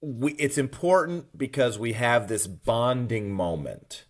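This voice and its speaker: A man's voice: mid-range voice, big pitch swings, a little slow. A man co-hosting a podcast, recapping a book chapter in casual chat and retelling scenes at length with plenty of "you know" and "um". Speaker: podcast co-host.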